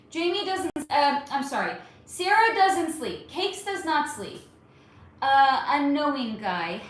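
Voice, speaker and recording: A chatty woman in her thirties from California hosts a casual livestream, greeting viewers as honey and darling. Her fairly high voice swings lively up and down. The room is very echoey, with a faint hum of ambience behind her. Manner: warm-toned, calls viewers honey and darling, chatty and animated.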